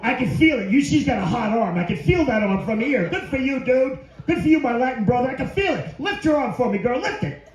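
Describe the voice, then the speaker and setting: A man's voice: very high-pitched, big pitch swings, fairly quick. A middle-aged man doing a crude, brash stand-up set with crowd work in a comedy venue. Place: comedy venue before a live audience. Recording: roomy, dull live club recording.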